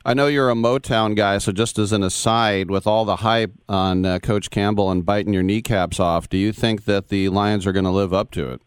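A man's voice: lowish voice, fairly even intonation, moderate pace, hardly any pauses, clear, resonant tone, dry recording, clean studio sound. A man hosting a sports talk radio show, interviewing a guest casually and joking. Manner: joking, laughs easily.

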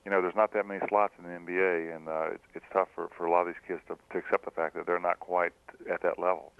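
A middle-aged man, a former pro player now coaching, answering radio callers by phone in a halting way with many fillers. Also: low voice, level tone, clean tone, no room sound. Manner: soft-spoken and halting, with many fillers and restarts. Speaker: high school basketball coach. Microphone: telephone. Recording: thin phone line.

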